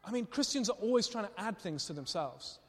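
A man preaching a sermon, telling stories in an animated way and laughing often as he speaks. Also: sits high, fairly quick. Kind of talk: sermon with storytelling. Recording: long reverb of a hall.

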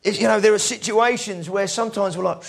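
A man's voice: high voice, fast, creaky. A man preaching a sermon in a conversational, storytelling way, acting out the people in his stories. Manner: conversational storytelling, acts out quoted voices.

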